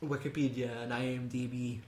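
A man's voice: mid-range voice, level tone, normal speed, darkish tone, roomy sound. A Scottish man co-hosting a podcast, rambling and swearing casually as he talks through a film. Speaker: podcast co-host.

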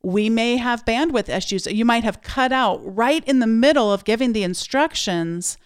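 A woman hosting an interview, asking questions in an engaged, quick way, sometimes joking about herself. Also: fairly high pitch, clear, resonant tone. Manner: engaged, quick, self-deprecating. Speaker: podcast host. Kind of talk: conversational interview.

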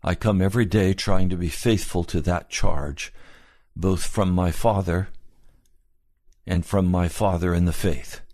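A man's voice: low-pitched, fairly even intonation, a little slow, dark tone, no room sound. Fervent male preacher, dry sound. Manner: impassioned, rising to fervent pleading. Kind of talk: sermon.

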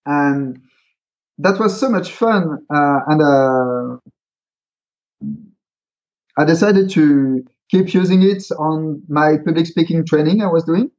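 Man, slightly higher voice, hesitant with fillers, dull lo-fi recording. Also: takes it slowly, long pauses, a little mellow. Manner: hesitant, many fillers and restarts, explains with examples. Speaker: guest, creator of a pitching card game. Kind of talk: casual interview talk. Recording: dull, lo-fi sound.

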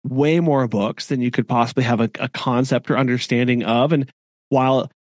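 A man's voice: medium pitch, fairly even intonation, moderate pace, a little mellow, dry recording, clean studio sound. A man in a casual podcast chat, easygoing and rambling.

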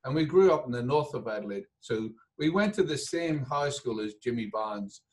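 A man's voice: medium pitch, expressive, moderate pace, darkish tone, recorded from a distance, low-quality recording. A man from Northern Ireland with a Northern Irish accent, a business owner chatting and joking in an interview. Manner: jokey, chatty, laughs often. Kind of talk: casual interview chat.

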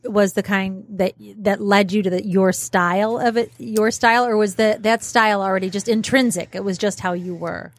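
A woman hosts a casual podcast chat, posing thoughtful questions in a middle-pitched voice. She pauses and restarts as she works out what she means. The recording is close and dry. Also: fairly even intonation, no room sound.

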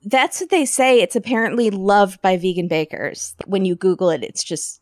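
A woman's voice: mid-range voice, moderate pace, no room sound, clean studio sound. A woman co-hosting a podcast, casually recapping a TV episode with jokes and laughter. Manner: chatty, jokey, laughs often. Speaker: podcast co-host.

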